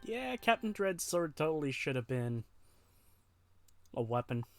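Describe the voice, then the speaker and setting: A man's voice: a little high, sing-song, measured pace, soft background music. A man streaming a video game, chatting casually and swearing now and then. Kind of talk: casual gaming chat.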